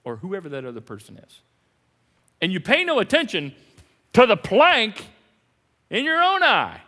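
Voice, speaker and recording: Animated, bright-voiced male preacher. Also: sits high, moderate pace, big-room sound. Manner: animated, jokey preaching with sudden loud emphasis. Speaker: pastor. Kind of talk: sermon. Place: large church hall.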